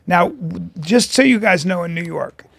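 A man in his fifties co-hosts a casual podcast chat, telling stories with energy and acting out what people said. His voice sits high and swoops widely, with a gravelly, husky edge. The sound is dry and close. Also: moderate pace, dry recording. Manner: animated storyteller acting out quotes. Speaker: podcast co-host.

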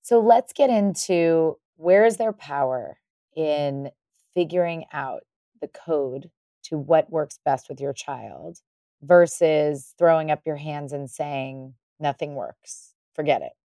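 A woman hosting a parenting podcast, asking her guest calm, measured questions. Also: sits low, dry recording, clean studio sound. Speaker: podcast host. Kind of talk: podcast interview.

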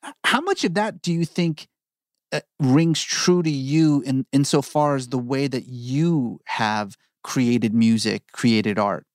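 A man's voice: medium pitch, slow, no room sound, studio quality. A man hosting a podcast, asking thoughtful, probing questions in a casual way. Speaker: podcast host, writer.

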